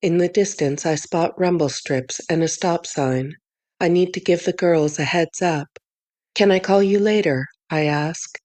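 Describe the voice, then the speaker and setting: A woman reads a first-person novel aloud in a measured, clear storytelling manner. Her voice sits on the low side, and the recording is dry and close with no room sound. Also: steady tone, darkish tone, no echo. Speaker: audiobook narrator. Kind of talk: first-person audiobook narration.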